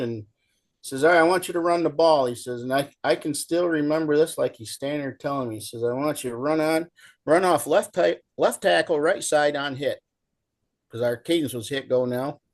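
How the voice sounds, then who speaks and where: A man's voice: mid-range voice, moderate pace. A middle-aged man telling folksy stories in casual chat as a show guest, acting out the people in them. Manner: folksy, animated storyteller, acts out shouting coach.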